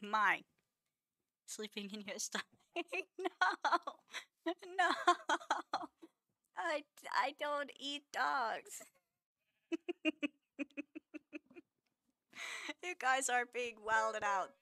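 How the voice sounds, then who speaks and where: A woman's voice: fairly high pitch, lively intonation, drawn-out words, long pauses, bright, forceful tone, no room sound. A woman streamer chatting casually with her viewers, laughing often and playfully scolding them.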